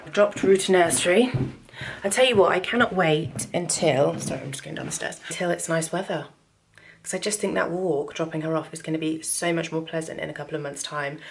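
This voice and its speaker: A woman's voice: sits low, brisk, vocal fry, a little hiss or hum. A woman in her thirties vlogging at home in a chatty, self-deprecating way, sometimes dropping to a whisper. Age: 30s. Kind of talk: casual vlog chat.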